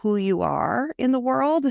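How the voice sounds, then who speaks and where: A woman's voice: a little high, sing-song, takes it slowly, creaky, darkish tone, no echo. A woman hosting a podcast interview who sums up her guest's ideas in a thoughtful way. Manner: thoughtful, sums up what she hears. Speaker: host. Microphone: video call. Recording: dull lo-fi video-call audio.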